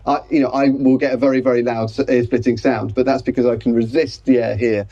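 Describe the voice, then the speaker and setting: A man hosting a live show on stage, chatting quickly and explaining with demonstrations. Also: medium pitch, little pitch movement, mellow, lo-fi sound. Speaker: podcast host and trumpeter. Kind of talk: live conversational interview. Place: stage before a live audience.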